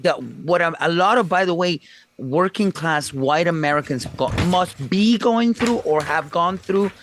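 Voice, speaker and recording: A man who came to America from abroad, co-hosting a casual political chat podcast in a wry, measured way, making his points one at a time. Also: high-pitched, fairly bright tone, slight background noise. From outside the US, immigrant. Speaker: podcast co-host.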